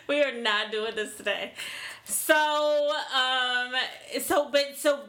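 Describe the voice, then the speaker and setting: Woman, podcast host, playful chat, fairly high bright voice. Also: slow pace. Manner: playful, laughing, interjects. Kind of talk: casual chat.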